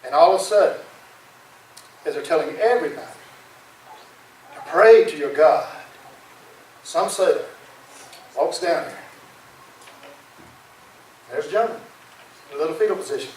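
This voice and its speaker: Pastor preaching, folksy dramatic storytelling, echoey room, mic far off. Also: male voice, a little high, animated, measured pace, long pauses, a little mellow. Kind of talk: sermon.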